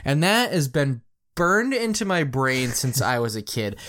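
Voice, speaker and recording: A man's voice: mid-range voice, measured pace. Enthusiastic male podcast storyteller. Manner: enthusiastic storyteller, animated bursts. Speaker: podcast co-host. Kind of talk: casual chat, retelling a commercial.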